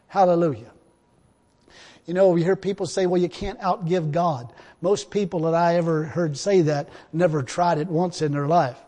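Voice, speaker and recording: A man's voice: high voice, warm tone, long reverb tail. A middle-aged man preaching a sermon in an emphatic, repetitive way, often breaking into laughter and exclamations of praise.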